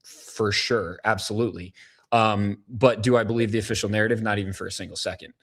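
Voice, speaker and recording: A man's voice: fairly low pitch, steady tone, brisk. A man hosting an interview show, speaking earnestly and emphatically with stumbling restarts. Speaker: podcast host. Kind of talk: casual interview.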